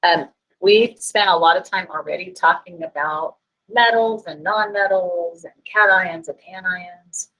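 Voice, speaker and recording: A woman's voice: on the low side, measured pace, pushed and bright, low-quality recording. A woman chemistry teacher giving a class lecture, chatty and self-deprecating, getting flustered by tech trouble.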